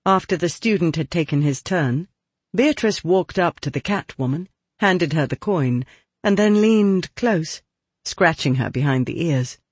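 A man reading a novel aloud as narrator, with expressive, lively storytelling. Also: fairly high pitch, unhurried, breathy edge, dry recording. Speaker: audiobook narrator. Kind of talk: scripted narration.

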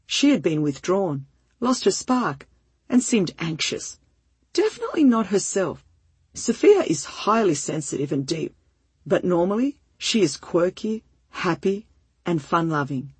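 A woman reading a first-person story aloud in a gentle, heartfelt and measured way, with a breathy voice. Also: on the low side, big pitch swings, no room sound. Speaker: narrator.

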